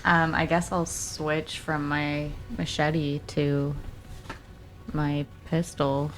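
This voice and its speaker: Low-pitched woman thinking aloud at a game. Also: little pitch movement, extremely slow, a little hiss or hum. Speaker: player. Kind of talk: casual tabletop play.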